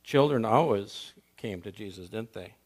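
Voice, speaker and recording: A man preaching a sermon as pastor, emphatic and full of rhetorical questions, swinging from loud to soft. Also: fairly low pitch, animated, normal speed.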